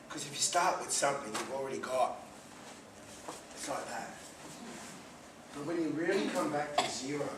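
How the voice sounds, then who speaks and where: A man, giving a live inspirational talk with humorous, self-deprecating stories. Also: fairly high pitch. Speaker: motivational speaker. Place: event room with live audience. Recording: echoey room, distant mic, noisy.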